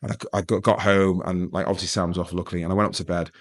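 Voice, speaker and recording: A middle-aged man from England with a deep, low voice tells his story at a rapid clip. He rambles, restarts his sentences, and drops jokes into serious moments. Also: level tone. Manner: rambling, self-interrupting, joking. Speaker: guest. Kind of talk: storytelling interview.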